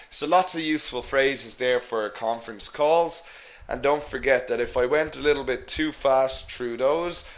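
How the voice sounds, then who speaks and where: Man, English teacher, webinar lesson, slow, bright tone, stresses example phrases. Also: mid-range voice. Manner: addresses learners as "guys".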